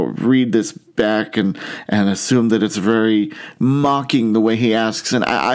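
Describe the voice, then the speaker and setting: Man preaching an earnest sermon. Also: medium pitch. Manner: earnest, questioning, with rhetorical questions to the congregation. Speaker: pastor.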